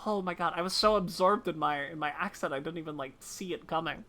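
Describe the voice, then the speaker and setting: A woman's voice: sits low, a little fast, hardly any pauses, fairly bright tone. A woman streaming a game live, chatting casually and playfully with her viewers and teasing herself. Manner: playful, self-mocking, talks to chat.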